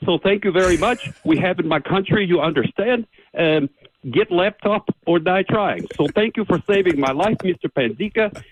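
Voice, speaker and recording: A man calling in over the phone, putting on a fake Russian accent as a sly male Russian hacker who talks in deadpan broken English. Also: high voice, normal speed, no room sound. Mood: mock-grateful. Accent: put-on Russian. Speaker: caller. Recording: tinny phone line.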